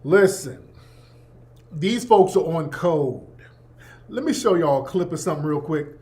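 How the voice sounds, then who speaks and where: A man with a notably high voice talks as host of his own show. His commentary is emphatic and preachy, full of profanity and repeated points, delivered in a loose, casual manner. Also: lively intonation, measured pace, darkish tone.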